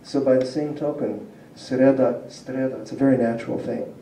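Heard from a distance in a large hall, a man delivers a public linguistics talk to community listeners in a warm, medium-pitched voice at a slightly fast clip. He patiently lays out ideas, asks the room questions, and chuckles a lot. A little hiss or hum is audible.

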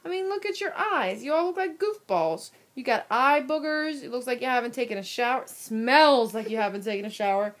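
A woman's voice: on the high side, lively intonation, a little fast, hardly any pauses, lightly acted. A woman voicing a prim, fussy young girl cootie bug who talks in a prissy, scolding way. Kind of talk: cartoon voice acting.

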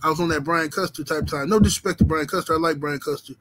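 Dude, chillin on a boxing stream, cussin, lots of "you know what im sayin". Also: male voice, on the high side, steady tone, fast, noisy background. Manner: laid-back, profane street talk with lots of "you know what I'm saying". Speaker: boxing channel host. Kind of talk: casual livestream chat reading the super chat.

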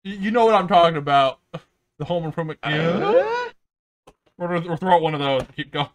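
A young man hosts a music reaction video, reacting casually to an album that plays in the background. His voice is a little high, sing-song and brisk, and his talk is crude, rambling and full of jokes.

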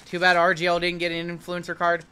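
Bright-voiced man hosting a card break. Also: high voice, completely flat delivery, fast, clean tone. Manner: chatty, rambling, calls out cards. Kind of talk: casual live-stream chat.

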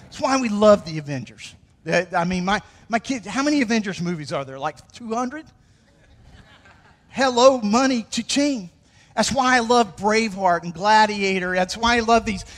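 A man preaching a lively, conversational sermon and calling on the congregation to join in. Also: high voice. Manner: energetic, conversational preaching with audience call-outs. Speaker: pastor. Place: church sanctuary. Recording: long hall reverb.

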